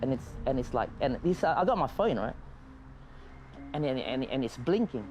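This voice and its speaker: A man casually telling a story in an animated way, with frequent stammered restarts and loose, profane talk. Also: medium pitch, moderate pace, faint music behind.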